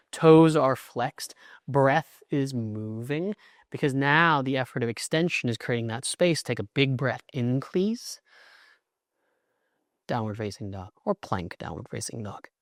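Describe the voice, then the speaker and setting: A man's voice: mid-range voice, no room sound, clean studio sound. A middle-aged man teaching a yoga class, cueing poses in short instructions with an encouraging, chatty manner.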